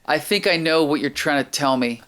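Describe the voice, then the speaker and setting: A man voicing a drawling adult male cowboy stunt rider with a slow, low Southern drawl. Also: a bit bright, close to an everyday voice. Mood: menacing.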